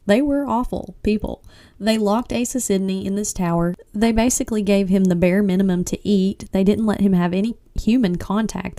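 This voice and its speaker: A woman hosting a casual solo book-review podcast, chatty and expressive, often saying "like" and "I mean.". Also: mid-range voice, vocal fry. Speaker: podcast host.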